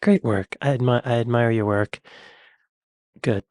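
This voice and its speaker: A man's voice: mid-range voice, normal speed, a little mellow, no room sound, clean studio sound. A man hosting a reaction video, musing aloud in a chatty, playful way. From American. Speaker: reaction channel host. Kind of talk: casual reaction commentary.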